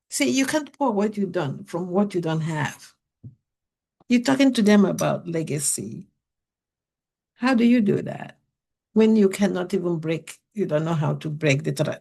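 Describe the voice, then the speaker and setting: Earnest woman podcaster with a gravelly voice. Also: fairly low pitch, darkish tone. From Africa. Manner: earnest, poses many questions to listeners. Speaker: podcast host. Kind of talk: podcast monologue to parents.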